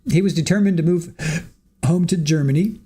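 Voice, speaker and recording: A man's voice: on the high side, a little fast, dark tone, breathy edge. A man recapping a trial in casual live commentary, laughing often as he retells what witnesses and the judge said.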